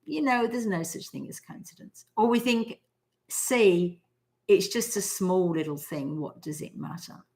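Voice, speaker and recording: A woman's voice: medium pitch, measured pace, a little mellow. An Australian woman in her forties hosting a live stream, talking casually and telling stories with acted-out quotes. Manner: chatty storyteller who acts out quotes.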